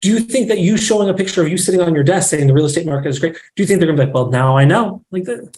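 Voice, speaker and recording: Rapid-fire and high-voiced, this man is a real estate marketing director speaking candidly as a podcast guest on a rough recording. In the casual conversation he's animated, acting out quoted dialogue as he makes his points.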